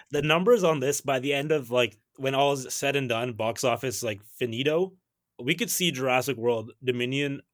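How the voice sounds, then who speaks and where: A man's voice: medium pitch, moderate pace, no room sound, studio quality. A young man hosting a podcast, chatting enthusiastically and speaking directly to his listeners. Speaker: podcast host. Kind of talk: casual chat.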